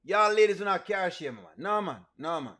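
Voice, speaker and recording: A man's voice: high voice, animated, a little fast, pushed and bright. A man with a Jamaican accent hosting a live reaction stream, playfully pleading with his viewers and laughing often. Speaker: streamer and show host.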